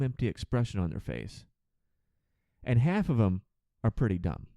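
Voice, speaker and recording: A man's voice: medium pitch, dark tone, dry recording. A man hosting a solo podcast, ranting with sarcastic, profane exasperation about his work as a flight attendant.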